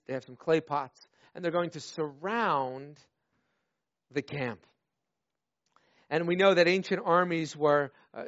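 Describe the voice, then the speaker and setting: A high-pitched man preaching with lively, theatrical storytelling, slipping into playful acted voices and then sinking into quiet, earnest appeals. The recording sounds slightly dull and lo-fi. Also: no room sound. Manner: animated storytelling, acts out voices, drops to soft earnest tones. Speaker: pastor. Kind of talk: sermon.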